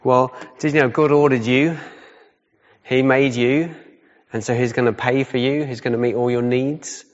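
A man's voice: mid-range voice, fairly even intonation, moderate pace. A man preaching a sermon in a casual, conversational way, often checking in with "yeah?" and repeating his key points. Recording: dull sound with long hall reverb.

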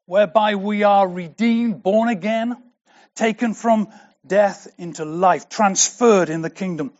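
A man preaching a sermon, emphatic and slow, repeating key words for weight. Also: high voice. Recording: dull lo-fi recording.

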